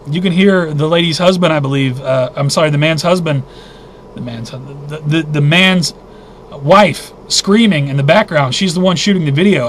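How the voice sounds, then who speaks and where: A high-voiced, slightly bright man hosts a weekly news briefing, giving casual commentary on a roundup of stories. He sounds agitated and indignant, thinking aloud and restarting his sentences, with a little background noise.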